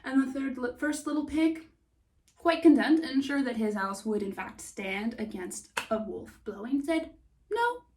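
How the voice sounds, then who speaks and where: Woman, storyteller, hushed whispers, unhurried, fairly high voice, mic at a distance.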